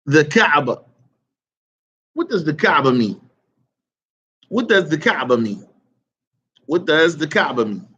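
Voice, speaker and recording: A man teaching an Arabic vocabulary lesson, quizzing his students and repeating each word slowly. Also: fairly high pitch, sing-song, bright, forceful tone, slightly rough. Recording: dull lo-fi recording.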